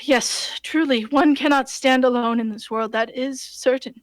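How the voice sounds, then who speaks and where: A woman's voice: high voice, steady tone, a little slow, no room sound. A woman voicing an ancient, regal male elf lord who speaks in a formal, archaic way. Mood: solemn.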